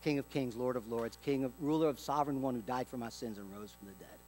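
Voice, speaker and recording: A man preaching a sermon as pastor, telling stories with lively acted-out dialogue and dropping to a hushed tone for emphasis. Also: medium pitch, fast, slight background noise. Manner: animated storytelling, acts out dialogue.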